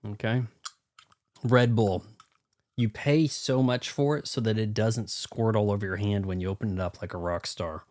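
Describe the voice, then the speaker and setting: A man's voice: on the low side, fairly even intonation, moderate pace, a little mellow. A young man streaming a video game live, chatting casually with viewers in a rambling, self-mocking way. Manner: rambling, self-deprecating, talks to chat.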